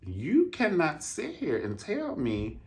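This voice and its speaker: A man telling a story in a casual, profane rant, flamboyant and sassy, with drawn-out emphatic asides. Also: on the high side, wildly swooping pitch, darkish tone. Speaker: vlogger reviewing a dance concert.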